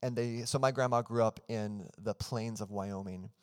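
A man's voice: fairly low pitch, fairly even intonation, normal speed, darkish tone, big-room sound. A man in his thirties preaching a sermon as pastor, telling a family story earnestly and leading into prayer. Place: church hall.

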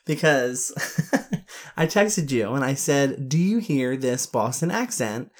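Low-voiced woman podcast co-host. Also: lively intonation, slow pace, darkish tone. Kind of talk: casual chat.

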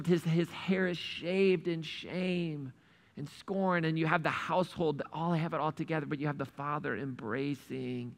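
Gravelly animated male preacher. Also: fairly high pitch. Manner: animated storytelling, acts out the characters' lines. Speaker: pastor. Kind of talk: sermon.

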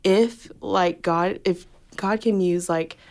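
A young woman on the guest side of a casual conversation, talking in a chatty, animated way full of "like" and quick asides. Her voice sits a little low for a woman. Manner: chatty, lots of "like", animated storytelling. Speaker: interview guest, new church staff member. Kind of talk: casual chat.

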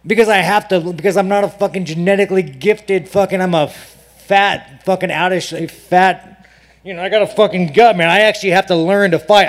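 Speaking quickly in a voice that sits high, this man is a professional fighter at a busy media day press room. His replies are raw, foul-mouthed, and meandering, and he makes fun of the reporters.

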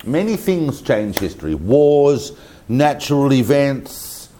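A man giving an informal history lecture, telling the story in an animated, conversational way with asides to his listeners. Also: medium pitch, takes it slowly, a little hiss or hum. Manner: conversational, with frequent fillers and repetitions.

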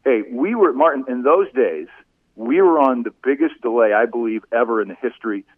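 A man and former radio broadcaster telling animated anecdotes in a casual interview. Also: medium pitch, brisk, slightly rough, no room sound. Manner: animated anecdotes, voice rising when telling funny moments. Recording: phone-like narrow sound, dry.

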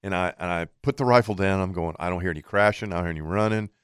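Low smooth-voiced man spinning a hunting tale. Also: very fast, no echo, studio quality. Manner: animated storyteller, quotes himself and others. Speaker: co-host telling a hunting story. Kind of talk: casual storytelling chat.

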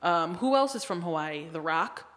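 Animated woman in a reverberant room. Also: on the low side, moderate pace. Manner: animated, swears freely, laughs often. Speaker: podcast co-host. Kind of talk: casual chat. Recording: long hall reverb.

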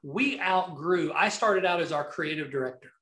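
A man's voice: on the high side, moderate pace, roomy sound. A middle-aged man with a Southern accent, a guest telling rambling stories in a casual interview, full of restarts. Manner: rambling, many restarts, animated anecdotes. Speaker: podcast guest, video marketing coach.

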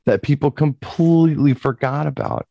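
A man's voice: fairly high pitch, fairly even intonation, moderate pace, vocal fry, mellow, no room sound, muffled recording. A man who works as a DJ, talking over ideas about music in a casual chat and explaining his point step by step. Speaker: DJ and podcast co-host.

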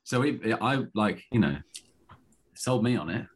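A middle-aged man talks as a guest in a relaxed interview. His voice sits very low, and he rambles through restarts with easy self-mockery. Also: normal speed, slightly rough. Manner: chatty and self-deprecating, with many restarts. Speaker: actor, guest. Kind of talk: casual interview chat.

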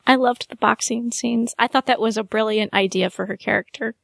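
A woman's voice: fairly high pitch, fairly even intonation, fairly quick, gravelly, no echo, studio quality. A woman co-hosting a podcast, talking fondly and earnestly in casual chat. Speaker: podcast co-host.

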